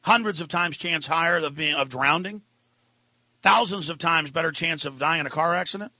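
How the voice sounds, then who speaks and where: A husky, bright-toned man rants on talk radio, swinging between low muttering and loud outbursts. His voice sits high and sounds close and dry in the studio. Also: moderate pace, dry recording. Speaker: radio host. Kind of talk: impassioned political talk radio monologue.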